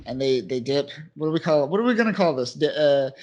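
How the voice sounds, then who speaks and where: A man's voice: fairly high pitch, expressive, fast, darkish tone, dull audio. A man co-hosting a podcast, casually recapping a comic book with lots of fillers and quoted asides. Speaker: podcast co-host.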